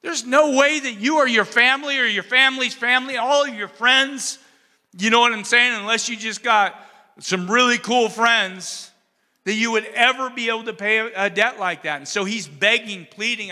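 High, bright-voiced animated preacher man. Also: normal speed, long reverb tail. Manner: animated storytelling, acts out voices of characters; conversational, asks the audience "you know what I'm saying". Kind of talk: sermon.

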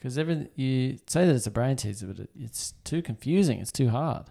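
A man on a comedy podcast, crude, loud and defensive in banter. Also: medium pitch, lively intonation, a little fast, creaky. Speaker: co-host.

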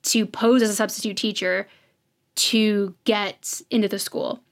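A woman's mid-range, steady voice moves at a measured pace as she co-hosts a podcast. Recapping episodes in easygoing conversation, she narrates like a storyteller and plays out the quotes.

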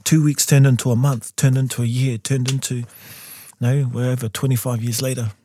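A man in his forties with a New Zealand accent, a composer guest telling his story in a studio interview and jumping into high voices when he quotes people. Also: little pitch movement, brisk, warm tone, a little hiss or hum. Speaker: guest, composer and taonga pūoro player.

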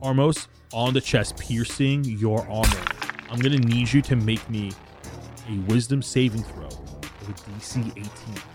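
A man's voice: mid-range voice, fairly even intonation. Man narrating as game master over music. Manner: descriptive, drawn-out narration with fillers. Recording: music bed under the talk.

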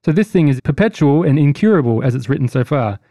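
A man hosting a tabletop role-playing podcast, talking through the session in a loose, rambling way with plenty of teasing. His voice is warm and dark. It sounds close and dry, with no room at all. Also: on the high side, animated, quick pace, dry recording. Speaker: game master. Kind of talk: casual podcast recap chat.

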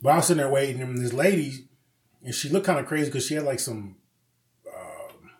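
A man's voice: medium pitch, expressive, brisk. A man co-hosting a podcast, telling a story in casual chat with heavy swearing and acted-out quotes. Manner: profane storyteller, acts out quoted voices. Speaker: podcast co-host.

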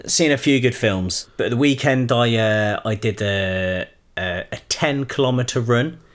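A man's voice: medium pitch, measured pace. A man co-hosting a podcast in casual chat, with dry, teasing humour. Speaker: podcast co-host.

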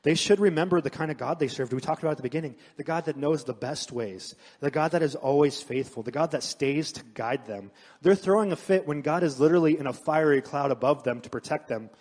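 A man preaching a sermon, mixing scripture with animated personal stories. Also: a little high, brisk. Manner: storytelling, animated asides. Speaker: pastor. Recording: long hall reverb.

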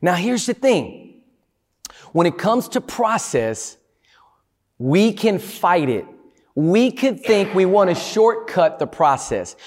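A man giving a motivational talk to a live audience, energetic and playful, often asking the crowd questions. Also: high voice, slow, long pauses. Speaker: motivational speaker.

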